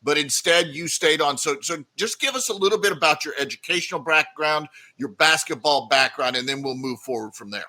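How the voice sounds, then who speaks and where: A man hosting an interview, encouraging his guest with quick affirmations. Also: a little high, pushed and bright. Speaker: host.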